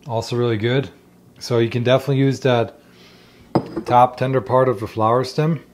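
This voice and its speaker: A man's voice: mid-range voice, fairly even intonation, normal speed, darkish tone, slight background noise. A man with a German accent, chatting casually while tasting and cooking wild plants in his home kitchen. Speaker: homestead vlogger.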